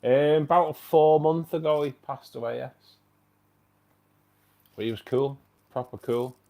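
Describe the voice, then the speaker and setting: A British man from the United Kingdom hosts a casual livestream for his aquarium channel, chatty, slangy and laughing often. His voice is fairly high in pitch, unhurried and dark in tone.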